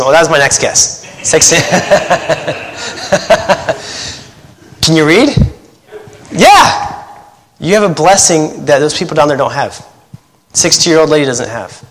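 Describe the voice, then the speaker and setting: A man's voice: a little high, a bit bright, long reverb tail, poor audio. A man in his thirties preaching a casual sermon as a missionary pastor, conversational and joking, acting out quotes. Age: 30s.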